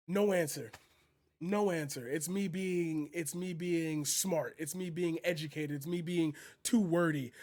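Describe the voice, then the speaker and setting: A man's voice: sits high, a little mellow, dry recording. A man ranting heatedly in a political vlog, profane and emphatic, repeating his phrases for force. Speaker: channel host.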